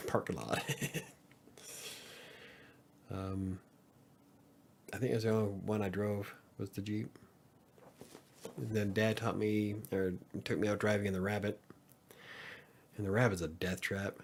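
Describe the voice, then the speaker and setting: A man's voice: lowish voice, slight background noise. A man in his thirties hosting a podcast, rambling casually, swearing freely and chuckling often. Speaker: podcast host. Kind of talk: casual livestream chat.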